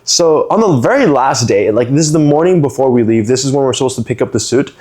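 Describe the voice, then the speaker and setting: Man, casual storyteller, mid pitch, loose and rambling, keeps dropping "like" and voicing the people in his story. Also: animated, fast talker, a little mellow. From San Francisco. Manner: rambling, many "like" fillers, acts out other people's lines. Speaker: storytelling guest.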